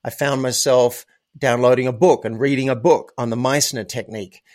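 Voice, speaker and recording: A man's voice: medium pitch, steady tone, normal speed, darkish tone. Emphatic man telling stories as a guest. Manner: emphatic, anecdotal, repeats words for stress. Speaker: podcast guest. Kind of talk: casual interview storytelling.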